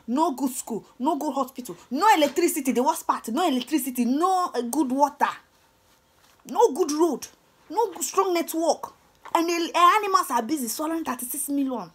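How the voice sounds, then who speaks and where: Nigerian woman vlogger, young, slightly high voice, scornful rant, stammery and repetitive. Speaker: channel host. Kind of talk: ranting commentary vlog.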